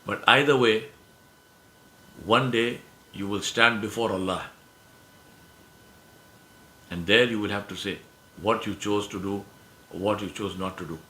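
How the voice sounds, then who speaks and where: Male lecturer, bright and forceful, emphatic with rhetorical questions, roomy hall sound. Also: fairly low pitch, measured pace, pauses often. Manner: emphatic, repeats key phrases, asks rhetorical questions. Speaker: speaker giving a presentation. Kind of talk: religious lecture to an audience.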